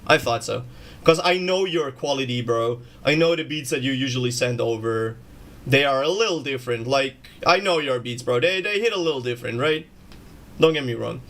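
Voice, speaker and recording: A man's voice: mid-range voice, expressive, moderate pace, a bit bright. A man chatting casually on a music production livestream, slangy and swearing, calling everyone bro. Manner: slangy, swears freely, says "bro" a lot.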